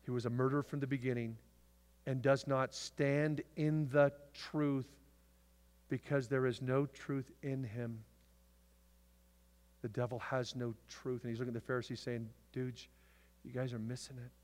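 A man preaching a sermon to his church, swinging from loud, emphatic declarations to hushed asides. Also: mid-range voice, little pitch movement, a little slow, pauses often. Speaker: pastor. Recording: long hall reverb.

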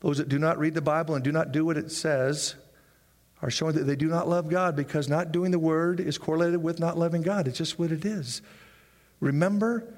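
A man preaching a sermon in a church, animated, acting out people's excuses in high voices. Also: normal speed, big-room sound. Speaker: pastor.

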